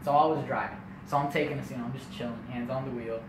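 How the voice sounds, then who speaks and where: A young man telling a comedic family story in an animated way, full of casual asides. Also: mid-range voice, fast, far from the mic. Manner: animated, lots of filler asides. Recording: echoey room, faint noise.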